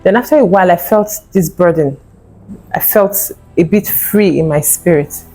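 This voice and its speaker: In her vlog, a woman in her thirties gives an earnest, emotional account of her fertility journey, voicing the quotes dramatically. Her voice is lowish and dark-toned at a normal speed, with faint music behind her on a low-quality recording.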